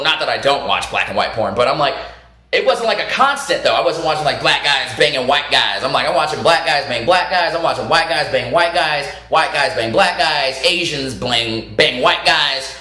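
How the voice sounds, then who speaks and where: A man casually telling stories to camera, animated and profane, laughing often and acting out what others said. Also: fairly high pitch, reverberant. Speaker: vlog host. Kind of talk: casual storytelling monologue.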